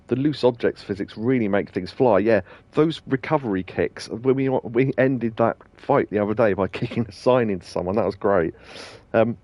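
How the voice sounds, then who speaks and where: A man's voice: fairly low pitch, moderate pace, darkish tone, lo-fi sound. A man hosting a let's play, chatting casually and laughing often with his co-host. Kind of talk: casual gameplay commentary.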